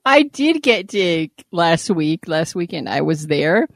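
A woman co-hosting a podcast in casual chat, teasing her partner with quick reactions. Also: on the low side, big pitch swings, gravelly, no room sound, studio quality. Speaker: podcast co-host.

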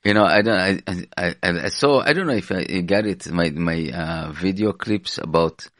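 A man hosting a radio talk show. He speaks haltingly and stumbles over his words. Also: sits low, fairly bright tone, no room sound, clean studio sound. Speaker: radio host.

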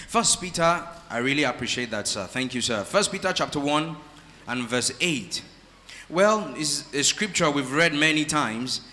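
A man preaching a sermon in church, calling out to the congregation and stretching key words slowly for emphasis. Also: mid-range voice, sharp tone, slight background noise. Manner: preaching with call-and-response, drawn-out emphasis. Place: church hall. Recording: live sermon in a reverberant hall.

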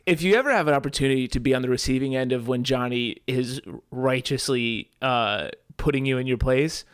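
A man's voice: medium pitch, brisk, smooth. A man co-hosting a podcast, riffing with playful jokes in casual chat. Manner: jokey, riffing on pop culture. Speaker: podcast co-host.

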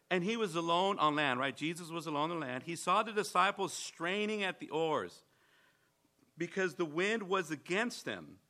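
Guy preaching a sermon, bright forceful voice, keeps tossing out "right?" and stumbling on restarts. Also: fairly high pitch. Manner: emphatic, repetitive asides and rhetorical questions; stammering restarts.

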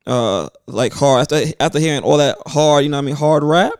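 A man's voice: a little high, brisk, smooth. A man co-hosting a casual podcast, telling stories in loose slang with mock outrage. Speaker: podcast co-host.

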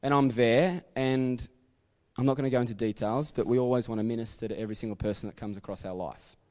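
A man's voice: medium pitch, steady tone, fast talker, mellow. Australian man preaching in a reverberant hall. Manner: chatty storytelling with asides and self-corrections. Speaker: pastor. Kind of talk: sermon. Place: church sanctuary.

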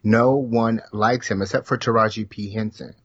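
A man's voice: lowish voice, fairly even intonation, normal speed, a bit bright, no room sound, highs cut off. A man co-hosting a comedy podcast remotely, talking in a blunt, dry, offhand way. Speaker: podcast co-host. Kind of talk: casual comedic chat.

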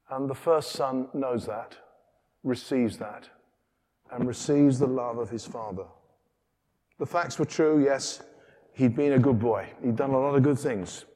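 Male preacher, animated, conversational, rhetorical questions, long church reverb. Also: mid-range voice. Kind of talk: sermon. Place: large church.

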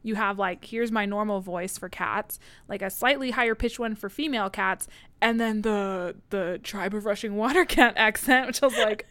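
A woman's voice: mid-range voice, normal speed, fairly bright tone, clean tone, no echo. A woman co-hosting a podcast, chatting animatedly about a book with swearing and playful asides. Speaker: podcast co-host. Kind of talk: casual book discussion.

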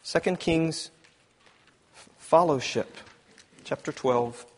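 A man preaching a sermon who reads scripture aloud, rises to loud emphasis, often clears his throat and corrects himself. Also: fairly high pitch, slow pace.

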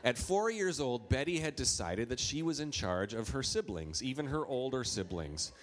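A man's voice: mid-range voice, big pitch swings, moderate pace, slight background noise. Storytelling pastor man from Minnesota. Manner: conversational, storytelling with playful asides. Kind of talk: sermon.

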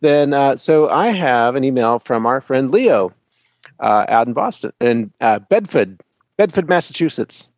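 A middle-aged man co-hosting a chat show, reading a listener's email aloud in a deliberate way. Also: mid-range voice, animated, dry recording. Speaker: co-host.

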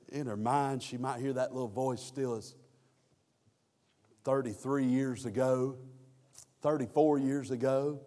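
A man's voice: mid-range voice, warm tone. Male preacher, narrative sermon delivery, echoing hall. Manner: storytelling preacher who voices biblical quotes. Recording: long hall reverb.

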